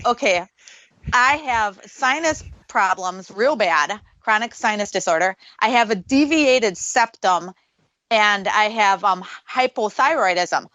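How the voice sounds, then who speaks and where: A woman's voice: a little high, a bit bright, no echo, poor audio. A woman, a paranormal investigator, tells a story on a radio show and acts out the voices she quotes.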